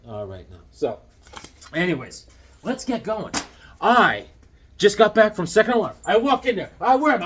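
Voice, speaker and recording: A man's voice: high voice, slightly rough. A man chatting casually on his comic book channel, rambling through stories and doing voices. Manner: rambling, animated storytelling with voices. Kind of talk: casual vlog chat.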